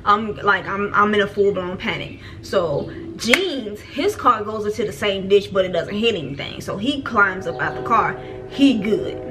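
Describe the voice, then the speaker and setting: A young woman telling a storytime vlog in casual, slangy talk, acting out her own frantic shouts when she quotes herself. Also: medium pitch, lively intonation, a little slow, over music. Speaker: vlogger.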